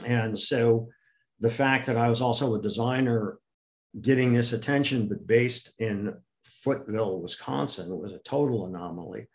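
Older man telling lively anecdotes. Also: moderate pace. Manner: animated, acts out quoted people with raised pitch. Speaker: interview guest. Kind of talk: storytelling in an interview.

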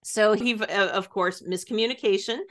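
A woman co-hosting a book podcast, chatting casually in a thoughtful, measured way. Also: mid-range voice. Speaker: podcast co-host. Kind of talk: casual chat.

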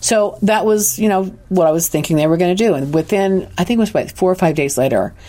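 On a podcast, an intuitive counselor with a fairly low voice talks fast through a personal story. She's earnest and animated, often starting her sentences over.

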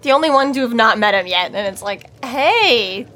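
Bright, blunt woman podcast co-host. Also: medium pitch, fast talker. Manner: blunt and swears freely, riffing for laughs. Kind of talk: casual chat.

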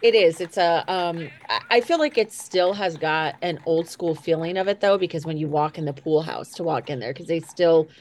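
A woman's voice: low-pitched, moderate pace, hardly any pauses, a little mellow, a little hiss or hum. A woman from Indiana hosting a casual chat and asking a guest follow-up questions. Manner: chatty, interviewing with follow-up questions. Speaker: podcast host.

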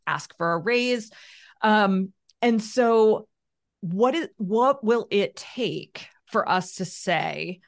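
A woman author as a guest on a casual interview podcast, speaking in a thoughtful, measured way and leaning on key phrases. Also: medium pitch, animated.

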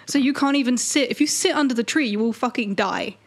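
A woman's voice: high voice, a little fast. Chatty woman with a raised voice. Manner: laughs often, chatty and animated. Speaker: podcast co-host. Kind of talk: casual chat.

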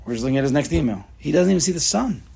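Husky animated man teaching a class. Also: on the high side. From New York area. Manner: animated, restarts often, rapid rhetorical questions. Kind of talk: casual Torah lesson.

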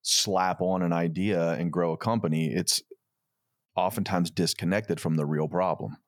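A man co-hosting a podcast, chatting casually and telling a story in an animated way. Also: sits low, normal speed, no room sound, clean studio sound. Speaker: podcast co-host. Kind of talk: casual chat.

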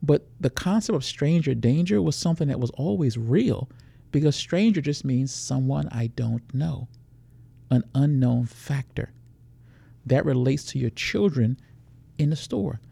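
Gravelly, dark-voiced man explaining. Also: medium pitch, expressive, a little slow, no echo. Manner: explanatory, walks through scenarios. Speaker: security expert guest. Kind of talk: podcast interview.

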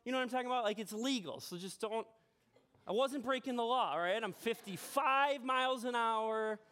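A man preaching a sermon as pastor in a church, telling a personal story in a chatty, animated way with self-deprecating humor. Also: extremely high pitch, moderate pace, smooth. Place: church sanctuary.

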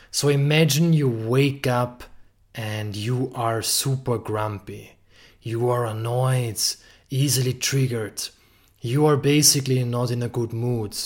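Man, middle-pitched voice, earnest coaching monologue, blunt swearing, emphatic. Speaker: podcast host, relationship coach. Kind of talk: monologue on relationships.

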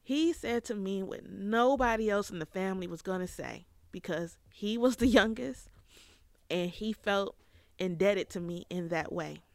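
A woman in her thirties telling a reflective personal story as a podcast host, with fillers and pauses. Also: mid-range voice, creaky, no echo. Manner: reflective, tearful at times, with fillers.

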